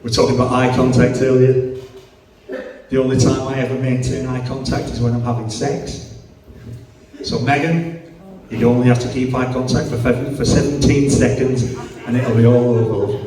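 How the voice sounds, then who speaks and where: A man's voice: mid-range voice, flat delivery, moderate pace. Crude Yorkshire stand-up man on stage. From Yorkshire, England. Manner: crude, self-mocking banter with the crowd. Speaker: stand-up comedian. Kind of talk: live stand-up comedy. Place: comedy club stage. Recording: echoey club from far off.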